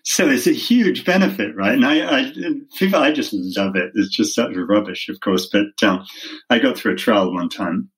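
A man's voice: on the low side, animated, moderate pace, fairly bright tone, breathy edge, low-quality recording. A middle-aged man with a British accent, a lawyer telling stories in a conversational interview, wry and self-deprecating. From half American, half British. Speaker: human rights lawyer.

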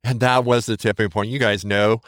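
A man's voice: on the low side, fairly even intonation, moderate pace, fairly bright tone, dry recording, clean studio sound. A middle-aged man hosting his own podcast, talking casually and candidly in a rambling, self-deprecating way. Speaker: podcast host. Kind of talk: casual solo podcast talk.

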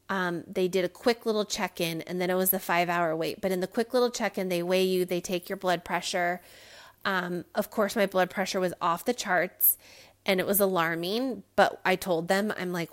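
A woman's voice: medium pitch, normal speed. A woman hosting a podcast, talking to listeners in a candid, rambling personal monologue with frequent fillers and small laughs. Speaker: podcast host.

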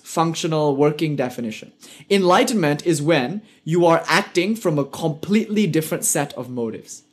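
A man with a British accent teaches a live online class on spiritual life. His voice sits a little high for a man. He speaks earnestly, drives points home with rhetorical questions and drops in light joking asides.

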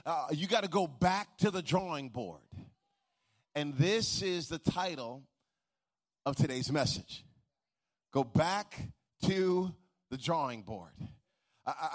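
A middle-aged man preaching a sermon, telling a humorous personal story full of restarts before building into a rhythmic preaching cadence. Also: sits high. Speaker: pastor.

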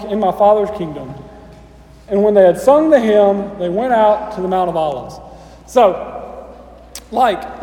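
A man's voice: very high voice, darkish tone, echoey room, long reverb tail. A man preaching a sermon as pastor, casual and conversational with playful asides to the congregation.

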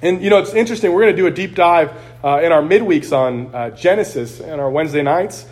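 A man's voice: fairly high pitch, lively intonation, fast talker, a little mellow. A man preaching a sermon as pastor, earnest and conversational, acting out quotes along the way.

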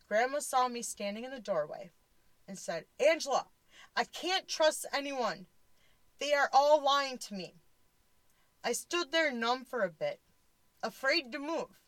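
A woman's voice: medium pitch, fairly bright tone, no echo, rough recording. A woman in her forties speaks in a voice that keeps catching on tears as she tells a personal story. She talks bluntly and candidly and swears now and then. Her mid-range voice sounds dry and close. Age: 40s. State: tearful, voice close to crying.

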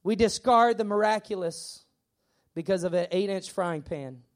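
A man preaching to his congregation in a high voice. He drives his points home with repetition and emphasis. Now and then he stammers through playful acted asides. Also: moderate pace. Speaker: pastor. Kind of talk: sermon.

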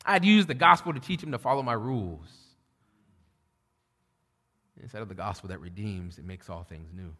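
A middle-aged man preaching a sermon, shifting between loud preaching and quiet storytelling. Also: on the low side, lively intonation, normal speed, pauses often. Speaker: pastor. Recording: long hall reverb.

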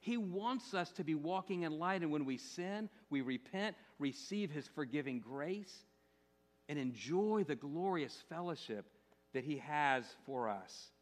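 A man's voice: on the high side, lively intonation, unhurried. A male pastor preaching a sermon, repeating phrases and asking the congregation rhetorical questions.

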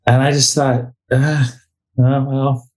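A man's voice: mid-range voice, little pitch movement, takes it slowly, darkish tone. A middle-aged man co-hosting a casual book talk, rambling, restarting sentences and reading passages aloud. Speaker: podcast co-host.

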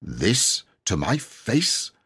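A man voicing a noble medieval knight who speaks in slow, archaic, measured phrases. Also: lowish voice, wildly swooping pitch, pushed and bright, husky, pitched above the performer's own voice, heavily acted. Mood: stately.

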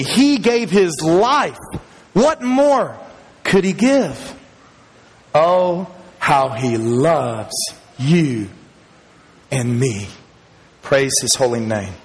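A man preaching a sermon to a congregation in church, speaking emphatically, rising in pitch and loudness as he builds each point and chuckling between them. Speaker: pastor. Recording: long hall reverb.

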